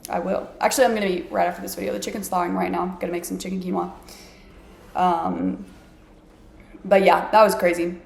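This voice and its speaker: Gravelly-voiced woman vlogging in an echoey room. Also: fairly low pitch, level tone, a little fast, pauses often, a little mellow. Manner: chatty, self-mocking, heavy use of "like". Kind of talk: casual storytelling to camera. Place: her apartment.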